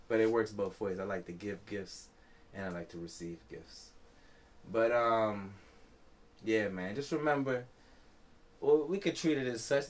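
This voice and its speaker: A man's voice: on the low side, a bit bright. A tipsy man hosting a podcast, rambling casually and profanely, with a constant "you know what I'm saying.". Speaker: podcast host.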